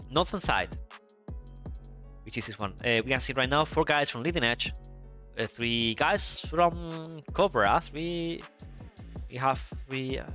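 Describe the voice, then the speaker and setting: A man's voice: medium pitch, pushed and bright. A man from Spain with a Spanish accent, chatty, casually commentating a flight-sim match and thinking aloud. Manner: chatty, thinks aloud with restarts and asides to chat. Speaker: esports commentator.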